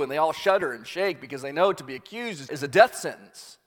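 A man's voice: a little high, lively intonation, brisk, few pauses, long reverb tail. A man preaching, retelling a story dramatically. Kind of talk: sermon storytelling.

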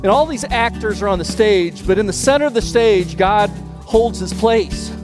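A pastor preaching a sermon, telling a parable in an animated way and often repeating his words. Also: high voice, normal speed, big-room sound, music in the background.

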